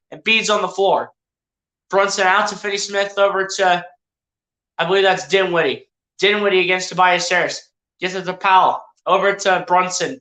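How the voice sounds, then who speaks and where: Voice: mid-range voice, bright, forceful tone, roomy sound. A live streamer giving casual play-by-play commentary on a basketball game, chatting to the players and to viewers as the action goes. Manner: chatty, addresses players and viewers directly, self-correcting.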